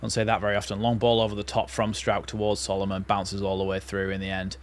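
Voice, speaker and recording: Young male fan host, low-pitched, live football commentary, excitable. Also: fast, a little hiss or hum. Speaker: watchalong host.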